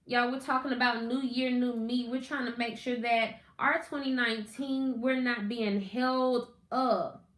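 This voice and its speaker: A woman's voice: fairly high pitch, steady tone, unhurried, fairly bright tone. A woman hosting a casual live stream, chatty and greeting viewers by name. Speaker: podcast host. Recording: echoey room.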